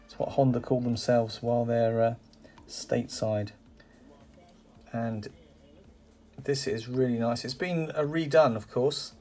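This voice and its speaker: A man with a warm, mid-range voice speaks at a measured pace with fairly even intonation, faint music in the background. He's a toy car collector unboxing and reviewing die-cast cars from a parcel, chatting casually and excitedly with frequent exclamations and many "uh"s and "um"s.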